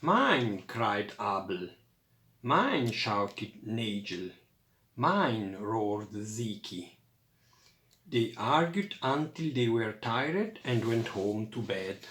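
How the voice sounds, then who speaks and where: A man reading a children's picture book aloud in a lively storytelling voice. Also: on the low side, slow pace, roomy sound, slight background noise.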